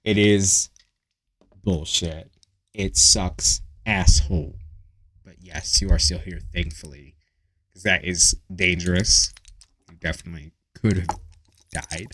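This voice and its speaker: A man with a very low voice talks casually to his live-stream viewers as a tarot reader. He swears freely and reads their comments aloud. The sound is dry and close, and keyboard typing is heard behind him. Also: slow pace, long pauses, fairly bright tone, dry recording.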